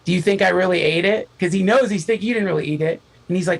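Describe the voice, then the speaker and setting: A man, a podcast guest, telling a long story in casual chat, animated and profane, acting out the voices of the people in it. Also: sits high, fast talker, gravelly, poor audio.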